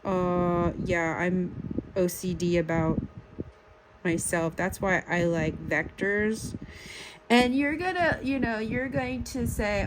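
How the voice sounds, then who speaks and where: A woman vlogging while she draws, talking in a casual, self-deprecating way, full of halting restarts and fillers. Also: medium pitch. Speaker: art vlogger. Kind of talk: casual rambling commentary while drawing. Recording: audible background noise.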